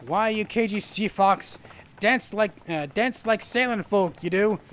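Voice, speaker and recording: A man's voice: high-pitched, unhurried, a bit bright, slight background noise. Rowdy drunken sailor, rambling braggart in old sea talk, read by a man doing the voice, game dialogue. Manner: rough sailor dialect, rambling and boisterous.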